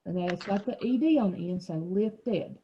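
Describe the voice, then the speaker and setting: A woman's voice: medium pitch, moderate pace, mellow, a little hiss or hum. A woman who teaches a children's reading group. She prompts and encourages the children patiently. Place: classroom. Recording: dull lo-fi classroom recording.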